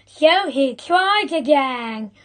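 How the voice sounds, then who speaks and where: A woman reading a picture book aloud to children, very slow and clearly paced. Her voice is high and bright, with lively swoops in pitch. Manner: slow, expressive read-aloud. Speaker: storyteller.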